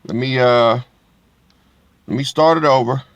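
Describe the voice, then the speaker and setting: A man's voice: mid-range voice, a little slow, dry recording, dull audio. A man talking to his online viewers in a rambling, street-preacher way, addressing them directly and swearing freely. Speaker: online religious commentator.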